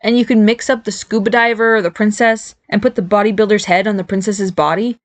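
A woman's voice: mid-range voice, steady tone, a little fast, dry recording, lightly acted. A woman voicing a blunt, tactless teenage boy teasing his brother in a storybook reading. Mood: amazed.

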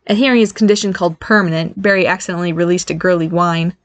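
A woman reading a story aloud as audiobook narrator in an even, storytelling manner. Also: lowish voice, fast, few pauses, no echo. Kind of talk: scripted narration.

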